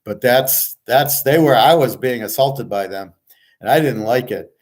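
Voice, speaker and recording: A man's voice: medium pitch, measured pace. A man from the United States hosting a casual monologue, blunt and profane as he rants. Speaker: podcast host.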